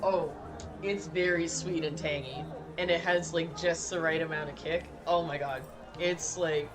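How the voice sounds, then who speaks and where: Young woman game streamer, crude joking banter, slightly low voice, faint music under. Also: steady tone, a little slow. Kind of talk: casual live-stream chat.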